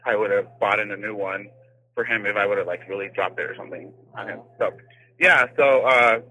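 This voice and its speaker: A man's voice: on the low side, a little fast, sharp tone, poor audio. A man calling in to a podcast, gushing and rambling with lots of fillers. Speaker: caller. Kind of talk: excited phoned-in message.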